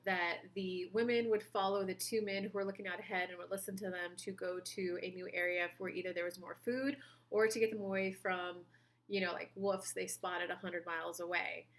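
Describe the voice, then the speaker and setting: Doing her monthly tarot reading, a spiritual coach talks briskly in a medium-pitched, slightly bright voice with fairly even intonation. She's chatty, weaving in personal anecdotes and imitating the people in them.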